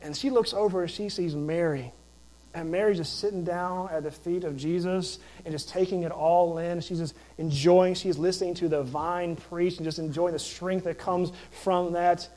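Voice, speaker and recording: A man's voice: high voice, fairly even intonation, normal speed, mellow, low-quality recording. A man who is a pastor, preaching a sermon in an emphatic, conversational way with rhetorical questions.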